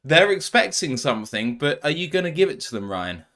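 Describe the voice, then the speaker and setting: A man's voice: fairly high pitch, big pitch swings, fairly quick, pushed and bright. A man hosting a live podcast stream, friendly, keeping the show moving between guests. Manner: friendly, moves the show along. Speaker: host.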